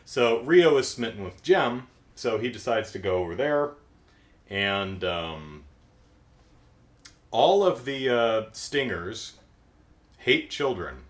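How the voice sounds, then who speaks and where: A man's voice: medium pitch, big pitch swings, takes it slowly, pauses often. A middle-aged man recapping a cartoon episode in casual comedic talk, dry and sarcastic, acting out the characters' lines.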